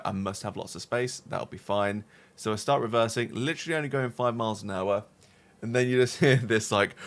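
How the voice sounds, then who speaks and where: A man with a low, gravelly voice tells a rambling story to his stream chat. He is animated and swears freely, tagging sentences with quick questions, while faint music plays behind him.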